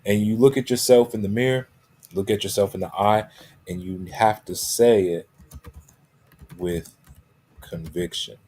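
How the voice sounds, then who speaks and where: A man's voice: fairly low pitch, steady tone, measured pace, long pauses, darkish tone, slight background noise. A man giving a motivational talk as a coach. He stresses his key phrases and keeps checking in with "right?" and "okay?". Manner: emphatic, repeats key phrases.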